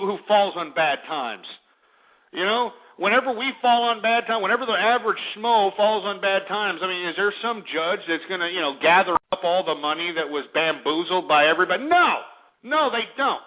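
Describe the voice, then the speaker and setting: Male radio host, high-pitched and insulting, lo-fi phone-quality sound. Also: expressive, normal speed. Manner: blunt, scornful and insulting. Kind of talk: ranting call-in talk radio monologue. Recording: tinny phone-like lo-fi audio.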